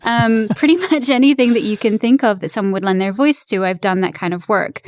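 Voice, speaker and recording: An English-born woman in her thirties who speaks with an American accent and talks in a chatty, upbeat way. Her voice sits at a middling pitch. The recording is dry and close, with no room sound. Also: a little fast, no room sound. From England. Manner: upbeat, laughs easily, chatty. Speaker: guest voice actor. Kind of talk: casual interview chat.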